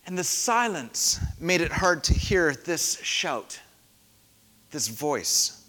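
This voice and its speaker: A man preaching a sermon in a dramatic way, often dropping to a hush and then rising loud for emphasis. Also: a little high, big pitch swings, slow pace. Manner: dramatic, varies loudness for emphasis. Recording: long hall reverb.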